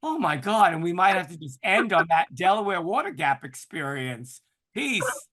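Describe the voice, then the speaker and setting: Animated flamboyant man in his sixties. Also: high-pitched, moderate pace. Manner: animated and flamboyant, scatterbrained, dramatic exclamations. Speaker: podcast guest. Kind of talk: casual podcast conversation.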